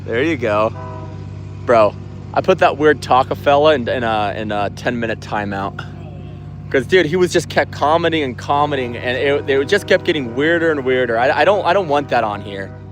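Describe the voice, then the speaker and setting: A young man casually chatting on a livestream at night outdoors, reading viewer comments in a relaxed, slangy way. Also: mid-range voice, normal speed, faint music behind. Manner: laid-back, slangy, reads comments aloud. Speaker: livestream host reading chat. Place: outdoors at night on a work site.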